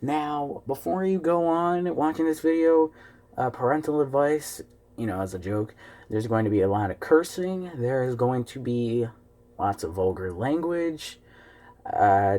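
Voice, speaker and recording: A man's voice: mid-range voice, dark tone. A man ranting angrily at home, cursing heavily as he vents in his video. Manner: heavy cursing, fired-up rant. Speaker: wrestling fan vlogger. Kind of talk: angry ranting vlog.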